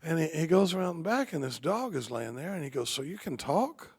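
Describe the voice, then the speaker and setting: Man, 50s, podium recovery talk; folksy and joking, slightly higher voice, husky and gravelly. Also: very animated. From Texas. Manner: folksy, joking, halting with restarts. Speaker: AA convention speaker.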